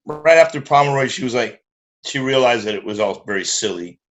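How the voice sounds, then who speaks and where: A middle-aged man telling a profane, animated story in casual chat and acting out the voices of the people in it. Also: medium pitch, fairly quick. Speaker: guest musician.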